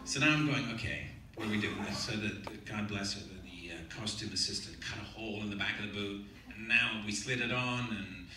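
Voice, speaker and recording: A man telling a story on stage in an animated, playful way. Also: fairly low pitch, brisk, few pauses. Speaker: guest actor. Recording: echoey hall, mic from far off.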